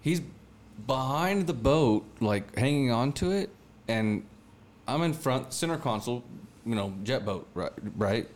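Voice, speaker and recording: A young man telling a fishing story in casual chat, animated and slangy, acting out the voices of the people in it. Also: mid-range voice, unhurried. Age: young adult.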